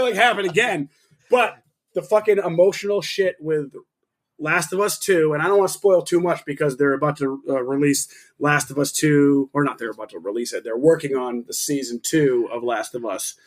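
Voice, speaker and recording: A man co-hosting a casual podcast, swearing freely and talking with excited enthusiasm. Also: a little high, fairly quick. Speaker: podcast co-host.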